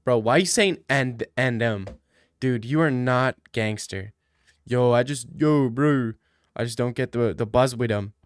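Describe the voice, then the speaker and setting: A man's voice: mid-range voice, no echo, clean studio sound. A young man ranting jokily in a mocking comedic style, full of slang. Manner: slangy, jokey, slips into mock street talk.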